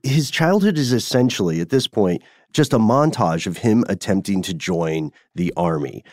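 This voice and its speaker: A man's voice: sits low, darkish tone, dry recording, clean studio sound. A man co-hosting a podcast, telling a history story in a conversational, playful way. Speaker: podcast co-host. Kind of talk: casual chat.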